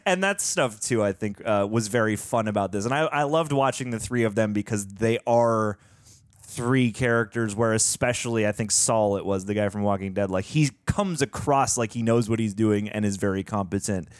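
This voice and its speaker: A man's voice: on the low side, moderate pace, dry recording, studio quality. A young man co-hosting a movie reaction, chatting casually, reading trivia aloud with many fillers and restarts.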